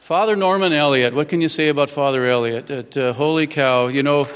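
A man in his fifties, newly sworn in as mayor, gives a folksy, earnest speech thanking people at a ceremony, full of fillers. His fairly high voice moves a little fast with a big-room sound, over a noisy crowd in a very noisy setting.

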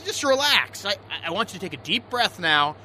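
A man playing a gruff commercial salmon seine skipper who stammers and tries to soothe his crew with counselor talk. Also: high voice, very animated, fairly quick, slight background noise, heavily acted, poor audio. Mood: soothing. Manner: stammering, swings between yelling and soothing. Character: blustery male salmon seine skipper turned gentle counselor.

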